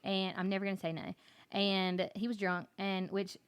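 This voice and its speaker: A woman's voice: medium pitch, completely flat delivery, normal speed, clear, resonant tone. A woman guest on a podcast, chatting and telling stories in a rambling, filler-heavy way. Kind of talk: casual chat.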